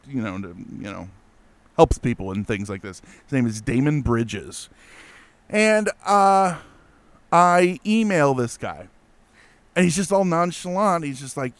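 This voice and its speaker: Man, mid pitch, smooth clear voice, dry close sound; animated casual storyteller. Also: a little slow, dry recording. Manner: animated, lots of fillers and restarts. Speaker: guest telling a ghost story.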